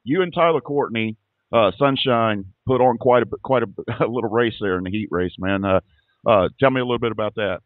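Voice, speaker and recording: A man's voice: lowish voice, brisk, dry recording. A man hosting a racing show, chatting casually and folksily with a guest, often repeating his words. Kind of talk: casual interview. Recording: tinny phone-like line.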